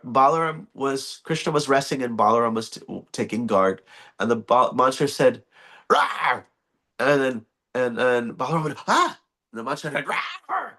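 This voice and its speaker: Chuckling man teaching a scripture class. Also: medium pitch. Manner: animated, chuckling, loosely phrased. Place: temple hall.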